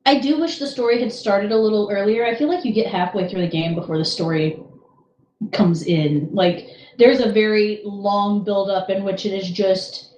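Woman, Louisiana Southern accent, podcast co-host, animated, echoey room. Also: medium pitch, normal speed. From Louisiana, USA. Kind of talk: casual game discussion.

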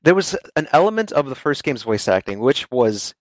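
A man in a relaxed conversation, rambling through his points and laughing easily. His voice sits in a middle range. The sound is dry, with no room around it. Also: mid-range voice, normal speed, no room sound. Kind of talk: casual game discussion.

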